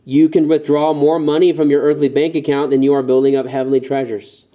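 Pastor, male, conversational sermon delivery, mellow tone, slightly high voice. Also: little pitch movement, fairly quick, highs cut off. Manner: conversational, rising emphatic tones when quoting.

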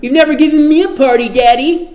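A man's voice: very high-pitched, a little fast, darkish tone, roomy sound, pitched above the performer's own voice. A man voicing a self-righteous older brother who whines indignantly to his father. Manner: indignant, complaining.

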